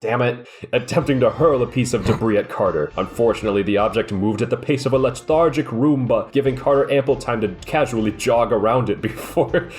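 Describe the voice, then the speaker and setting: A man's voice: mid-range voice, fairly quick, darkish tone. A young man reads a goofy battle story aloud on a comedy podcast. He trips on words and swears at his own slips, then carries on. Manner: stumbling over words, cursing at misreads. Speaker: podcast co-host.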